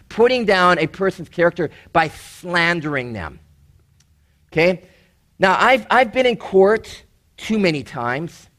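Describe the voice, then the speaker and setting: Middle-aged male pastor from Canada, high voice, chatty sermon delivery with playful asides. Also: fairly bright tone. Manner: conversational, jokey, acts out quoted voices.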